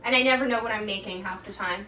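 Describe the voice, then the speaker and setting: Speaking fast in a medium-pitched voice with a bright, forceful tone, a young Québécoise woman whose first language is French chats and giggles on her cooking livestream. She has a Québécois accent and streams from her home kitchen. A little hiss or hum is audible, and the distant mic catches the kitchen's echo.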